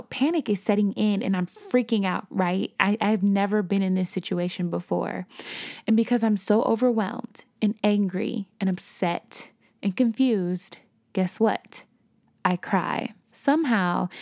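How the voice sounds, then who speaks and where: A woman's voice: medium pitch, darkish tone, no echo, clean studio sound. A young woman hosting a podcast, telling a personal story in a candid, conversational way. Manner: candid, conversational, acts out quotes. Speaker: podcast host.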